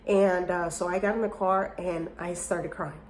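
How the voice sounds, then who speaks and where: A woman casually telling a personal story to her viewers, animated and openly emotional, with many fillers and restarts. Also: fairly low pitch, normal speed, slight background noise. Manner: openly emotional and self-encouraging. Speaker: vlogger telling a life story.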